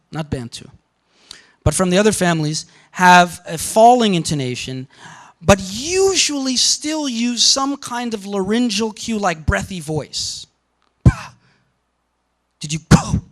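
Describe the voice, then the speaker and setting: A man giving a university lecture, animated and often checking in with the class. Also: high-pitched, rough recording.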